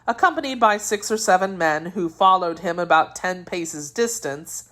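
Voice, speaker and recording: A woman reading aloud, voicing a sly young male musketeer who tells a guarded, smooth tale. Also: on the low side, normal speed, a bit bright, lightly acted.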